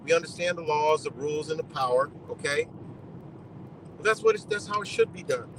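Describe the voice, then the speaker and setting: A man's voice: a little high, expressive, brisk, noisy background. A man on a live stream giving blunt, profane commentary, lecturing his audience in a loose, heated rant.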